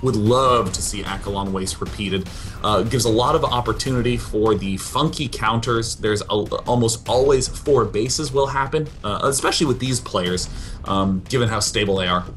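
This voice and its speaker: A man's voice: on the low side, fairly bright tone, slight background noise. A man co-casting a live esports match, eager and joking as he talks through the players and maps. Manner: eager, joking, quick to laugh. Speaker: esports co-caster. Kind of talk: live game commentary.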